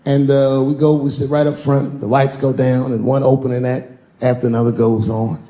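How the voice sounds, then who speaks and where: A man's voice: medium pitch, level tone, normal speed, dark tone. A man in his forties doing a wry, storytelling stand-up comedy routine on stage before a live audience. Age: 40s.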